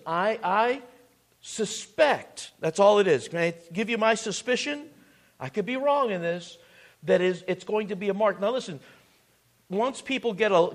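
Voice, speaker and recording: A man preaching a sermon as pastor, earnest and full of restarts and asides. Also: high voice.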